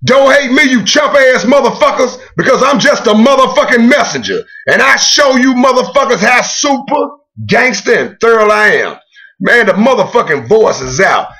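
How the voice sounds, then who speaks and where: A man's voice: extremely high pitch, vocal fry, pushed and bright. A man ranting to the camera in a video blog, boastful and profane, taunting a rival. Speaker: video blogger. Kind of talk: trash-talking rant to camera.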